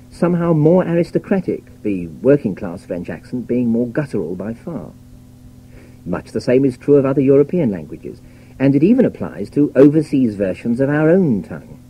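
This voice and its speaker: British male essayist for a radio talk, measured and wry, very mellow tone, faint hum on an old recording. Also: mid-range voice, low-quality recording. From Britain. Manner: measured, wry, lecturing delivery. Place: radio studio.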